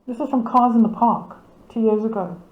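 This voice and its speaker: A woman's voice: fairly high pitch, moderate pace, echoey room, narrow, tinny audio. A woman, casually commenting on club photos as she reads out titles and names, amused and laughing often. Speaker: camera club presenter.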